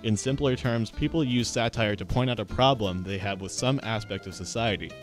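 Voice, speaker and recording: A man teaching a literature lesson in a scripted narration, explaining clearly and speaking directly to students. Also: lowish voice, fairly quick, soft background music.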